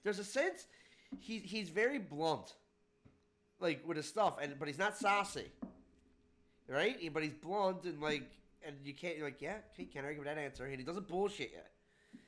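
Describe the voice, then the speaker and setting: A man's voice: fairly high pitch, expressive, unhurried, long pauses, fairly bright tone. A man hosting a podcast, chatting casually and bluntly, swearing and mimicking officials. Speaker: podcast host. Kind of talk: casual chat.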